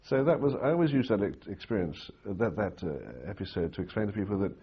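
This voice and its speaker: Older male interviewee, anecdotal storyteller; deep, husky voice on a slightly dull recording. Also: animated, quick pace. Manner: anecdotal, rambling with restarts and fillers. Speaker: interviewee recalling war reporting.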